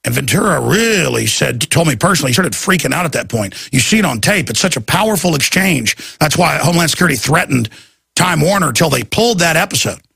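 A man's voice: on the high side, animated, fast, creaky, bright, forceful tone, slightly rough, no room sound. A man hosting a talk show, delivering a heated, emphatic and urgent radio monologue.

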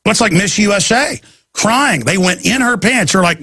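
Husky yet sharp and high, this talk show host's voice moves at a moderate pace with lively intonation in a dry recording. His ranting, meandering monologue stumbles over stammers and restarts as he mimics other people in changing voices.

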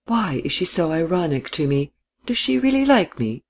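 A man voicing a reserved, ironic young man who answers quietly and tersely. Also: animated, moderate pace, close to an everyday voice. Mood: guarded. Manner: quiet, low, clipped replies.

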